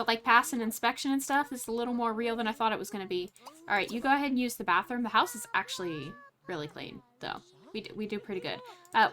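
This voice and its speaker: A woman's voice: on the high side, a bit bright. A woman giving casual let's play commentary, chatting and reacting aloud with frequent laughs and exclamations. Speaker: gaming channel host.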